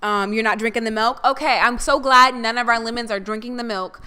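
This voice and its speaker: A young woman reads out listener comments on a casual podcast in a bright, slightly high voice. She is chatty and affectionate with her audience, talking in an easy, relaxed way. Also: brisk, clear, resonant tone. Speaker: podcast co-host. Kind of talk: casual chat reading viewer comments.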